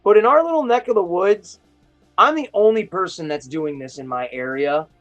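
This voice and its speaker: A man hosting a casual live stream, chatting in a rambling, excitable storytelling way. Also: high voice, moderate pace, dull audio, faint music behind. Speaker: host of a toy chat live stream. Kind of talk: casual chat.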